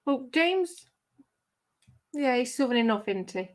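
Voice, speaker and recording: A woman's voice: high-pitched, expressive, unhurried. A woman hosting a casual livestream, chatty and giggly as she reads viewers' comments aloud. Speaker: livestream host reading chat. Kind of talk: casual live-stream chat.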